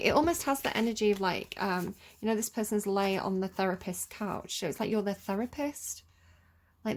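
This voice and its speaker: A woman giving a casual tarot reading, talking in a chatty, rambling way with lots of "like" and "you know.". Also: medium pitch. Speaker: tarot reader.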